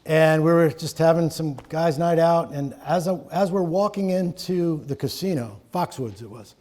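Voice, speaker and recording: A man's voice: a little high, moderate pace, a little mellow. A middle-aged man from Connecticut presenting a live seminar in a conversational, joking way, to an audience in a room. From Connecticut, USA.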